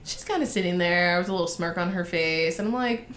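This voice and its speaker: A woman's voice: lowish voice, brisk, a bit bright, a little hiss or hum. A woman co-hosting a casual chat, telling a gossipy story with lots of swearing and acted-out quotes. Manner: profane, gossipy, acts out quotes. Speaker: podcast co-host. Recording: echoey room.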